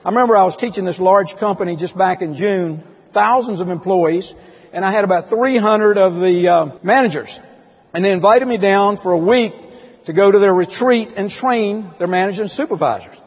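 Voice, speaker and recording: A man's voice: sits high, moderate pace, slightly rough. A man giving an emphatic keynote speech at a company conference, telling stories and asking the audience questions. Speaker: motivational speaker at a company conference. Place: large conference hall. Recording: dull lo-fi audio with long hall reverb.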